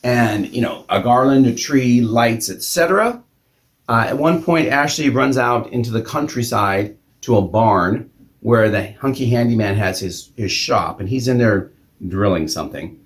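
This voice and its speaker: An older man hosts a casual vlog and retells a movie with cranky sarcasm. He sighs and drops in ums as he talks, in a voice of middling pitch. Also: moderate pace. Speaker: vlog host reviewing a movie. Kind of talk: casual spoken movie review.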